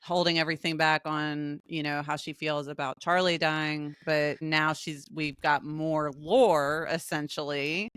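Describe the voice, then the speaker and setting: Low, bright-toned woman chatting casually. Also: fairly even intonation, a little slow, hardly any pauses, clear, resonant tone, no room sound, studio quality. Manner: laid-back, slangy, many murmured agreements. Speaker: podcast co-host. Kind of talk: casual film discussion.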